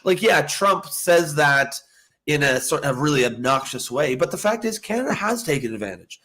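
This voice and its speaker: A man's voice: a little high, animated, normal speed, sharp tone. A man co-hosting a political talk show, rambling through his points and closing the episode. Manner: rambling, lots of fillers and restarts. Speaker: podcast co-host. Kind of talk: casual political chat.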